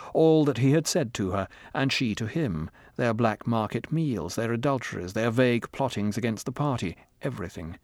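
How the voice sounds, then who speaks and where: A man narrating an audiobook with measured, grave storytelling. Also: mid-range voice, no room sound. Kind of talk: scripted narration.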